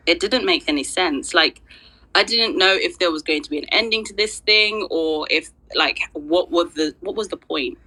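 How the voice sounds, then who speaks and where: A woman speaking in an online audio space, telling a story in an animated, exasperated way. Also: deep voice, normal speed, slightly rough, poor audio. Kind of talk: casual discussion.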